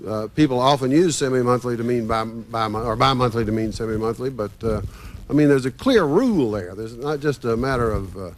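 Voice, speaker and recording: A man's voice: medium pitch, expressive, a little fast, slight background noise. A man on a discussion panel who talks in a chatty, anecdotal way with hesitations. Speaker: panel guest.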